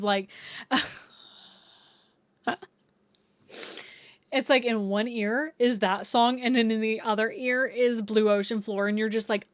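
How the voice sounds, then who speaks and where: A woman's voice: medium pitch, unhurried, no echo. Dreamy woman giving a tarot reading. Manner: dreamy, searching, many fillers and restarts. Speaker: tarot reader. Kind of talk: intuitive tarot reading to viewers.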